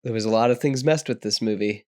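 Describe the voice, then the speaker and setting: A man's voice: fairly low pitch, darkish tone. Chatty man gushing as a podcast co-host. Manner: enthusiastic, chatty, quick to agree. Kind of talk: casual film discussion.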